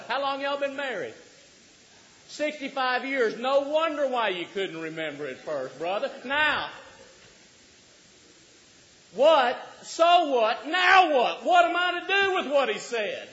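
A middle-aged man preaches a sermon in a very high voice, drawn out and unhurried. He jokes with the congregation and builds to shouts for emphasis. The recording sounds dull and lo-fi. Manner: animated, rising to shouts for emphasis, joking with the congregation.

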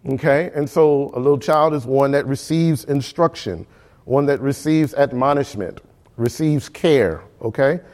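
Man, Bible study teacher, mid-pitched voice, asks the group questions, checks in often, repeats words for emphasis. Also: measured pace, a little mellow. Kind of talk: leading a Bible study class.

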